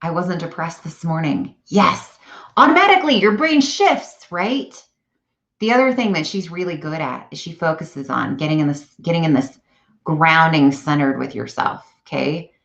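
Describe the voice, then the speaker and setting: Chatty woman live-streaming, low voice. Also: moderate pace, vocal fry. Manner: chatty, animated, self-correcting. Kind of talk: casual live-stream chat. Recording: dull lo-fi live-stream audio.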